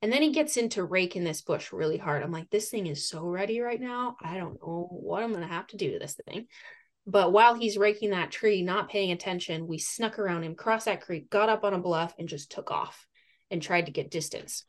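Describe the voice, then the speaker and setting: A woman guest on a podcast, telling a hunting story in a lively, casual way with laughs and acted-out quotes. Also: lowish voice, a little fast. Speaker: podcast guest, fitness coach and moose hunter.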